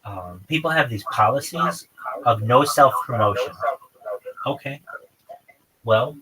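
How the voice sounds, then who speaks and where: Male streamer, mid-pitched, profane ranting, crowd noise behind. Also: animated, slow pace, low-quality recording. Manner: profane, rambling, exasperated. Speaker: live streamer. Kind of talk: casual livestream rant. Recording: crowd chatter in background.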